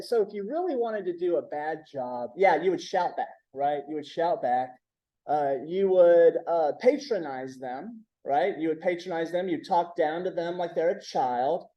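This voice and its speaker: A man's voice: a little high, mellow, rough recording. A man giving a conversational training talk, checking in with the audience with frequent "right?". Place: symposium room.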